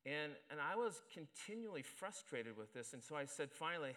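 A man's voice: mid-range voice, expressive, a little fast, few pauses, fairly bright tone. A middle-aged man, a pastor, preaching a sermon and telling a self-deprecating story in a conversational way at a church service.

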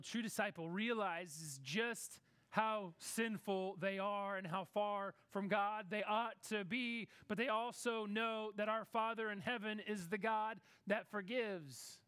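Preacher, male, very high voice, dry close sound, conversational sermon delivery. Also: steady tone, sharp tone, clean tone, no room sound. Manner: conversational preaching, acts out Bible characters in quick asides.

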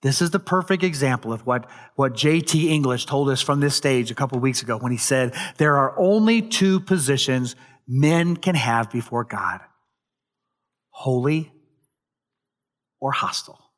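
A male pastor preaching a sermon, retelling a scripture story with dramatic emphasis and occasional loud peaks. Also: medium pitch, lively intonation, a little slow.

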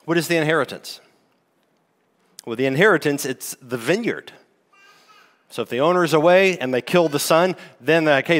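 A man preaching a sermon as lead pastor, teaching in a conversational way with rhetorical questions. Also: on the high side. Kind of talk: expository sermon. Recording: long hall reverb.

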